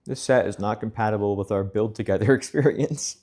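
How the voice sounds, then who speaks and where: A man with a fairly low voice joins a casual livestream chat. He delivers dry, deadpan teasing in short remarks. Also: brisk. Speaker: co-host.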